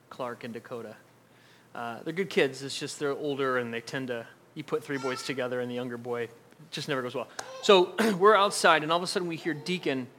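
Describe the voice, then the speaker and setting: Guy preaching, bright kinda high voice, chatty storytelling, little faint background hiss. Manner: conversational storytelling, acts out quoted voices. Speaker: pastor. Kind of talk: sermon with personal story.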